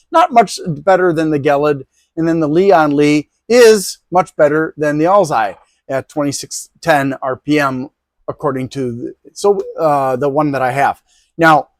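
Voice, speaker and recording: Recorded dry, a fairly high-pitched man with a darkish tone walks through test results in a relaxed product-review video, meandering and often restarting with plenty of ums.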